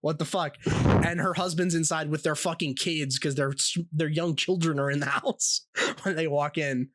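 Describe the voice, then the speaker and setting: A man hosting a casual podcast, telling a story in an animated way, laughing and swearing freely. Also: on the high side, moderate pace, no room sound, studio quality. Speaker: podcast host.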